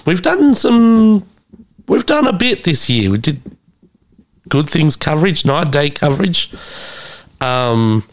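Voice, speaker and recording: Male podcast host, young, gravelly voice, lively pitch, loose rambling sweary delivery, has covid. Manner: rambling, sweary, with many ums. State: recovering from covid. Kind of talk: casual solo podcast sign-off.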